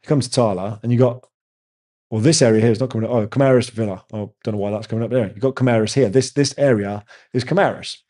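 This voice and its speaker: A man's voice: mid-range voice, quick pace, dark tone. A man, hosting a casual live chat with viewers and telling rambling stories. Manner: rambling, chatty storyteller. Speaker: host answering viewer chat.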